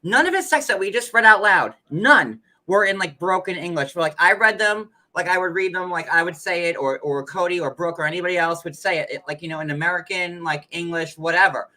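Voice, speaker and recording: A man's voice: high-pitched, brisk, hardly any pauses, sharp tone, rough recording. A man hosting a casual live chat, rambling with lots of filler words. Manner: rambling, heavy use of "like" fillers. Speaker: host.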